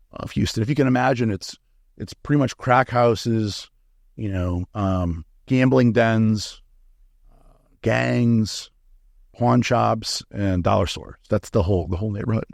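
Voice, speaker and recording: Guy on a podcast telling his story, kinda low and gravelly, swears a lot, says um a lot. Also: normal speed, darkish tone, dry recording, clean studio sound. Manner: frank and profane, with many fillers and restarts. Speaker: interview guest. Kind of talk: candid storytelling in a podcast interview.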